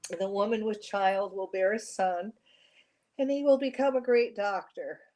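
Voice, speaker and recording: Solemn mysterious stranger, calm and otherworldly read by a woman. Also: mid-range voice, unhurried, close to an everyday voice. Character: serene mysterious divine male stranger.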